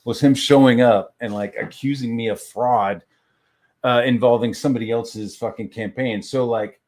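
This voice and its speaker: A man's voice: mid-range voice, steady tone, moderate pace, darkish tone. A man and crowdfunding creator ranting casually on a stream, heated and swearing constantly, often restarting his sentences. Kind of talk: profane casual rant on a stream.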